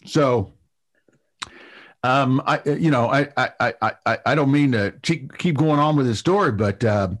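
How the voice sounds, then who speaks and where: A middle-aged man recounts a story as an interview guest, voice at an ordinary pitch. He stumbles through fillers and repeated words, then pushes on eagerly. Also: measured pace. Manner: animated anecdote-telling with many fillers and restarts. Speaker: TV producer guest.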